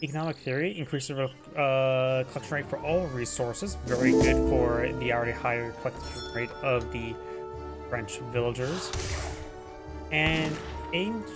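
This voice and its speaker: A man's voice: mid-range voice, unhurried, loud music behind the voice. A man casually commentating a strategy game replay, rambling and stumbling over unit names. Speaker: game caster.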